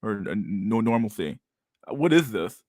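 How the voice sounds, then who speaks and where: A man's voice: lowish voice, very animated, moderate pace, a little mellow, dry recording, studio quality. A young man reacting to videos in casual, profane commentary, incredulous and sarcastic, who keeps calling people dude. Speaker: stream host reacting to videos.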